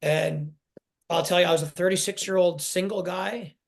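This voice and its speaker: A man in his forties telling his personal story in an interview, halting and emotional, often restarting his sentences. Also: sits high, fairly even intonation, vocal fry. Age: 40s. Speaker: guest.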